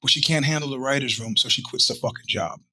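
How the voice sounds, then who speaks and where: Husky, animated male podcast host. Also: mid-range voice, fast. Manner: animated, profane, acts out quoted voices. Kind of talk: casual storytelling monologue.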